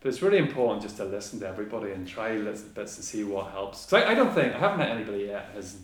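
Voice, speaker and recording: A man's voice: lowish voice, expressive, very fast. A man hosting a podcast, talking casually and enthusiastically. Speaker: podcast host. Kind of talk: casual conversation. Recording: roomy echo with faint background noise.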